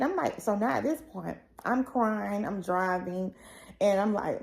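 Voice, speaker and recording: A woman's voice: mid-range voice, moderate pace, vocal fry, darkish tone, poor audio. A woman vlogger recounting a painful personal story in a rambling, emotional way, full of fillers.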